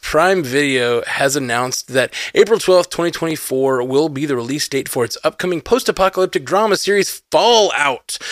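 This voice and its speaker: A man's voice: on the high side, fairly bright tone, no room sound, studio quality. A man hosting an entertainment news show, reading items steadily and then chatting casually with co-hosts. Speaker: news host.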